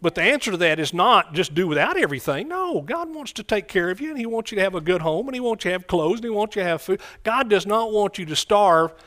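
Man, preacher, sermon, conversational, slightly high pitch. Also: sing-song, quick pace, few pauses, a bit bright. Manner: conversational, repeats phrases, asks the congregation questions.

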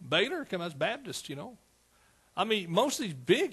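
A man's voice: high voice, big pitch swings, moderate pace, a bit bright, breathy edge. A man preaching a fervent sermon, calling out to his congregation.

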